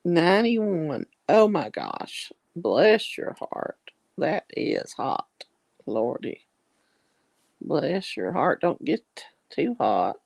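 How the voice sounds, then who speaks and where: A woman's voice: deep voice, big pitch swings, extremely slow, creaky, darkish tone, no echo. A woman, chatting casually on a video call in a folksy, drawling way. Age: 60s. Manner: chatty, folksy, yawning and laughing.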